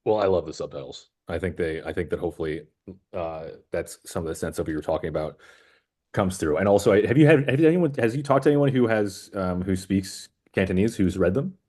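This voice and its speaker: A man's voice: deep voice, animated, a little fast, a little mellow. A man interviewing a filmmaker in a casual, rambling chat full of fillers. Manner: chatty, rambling with many fillers. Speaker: festival programmer interviewing a filmmaker.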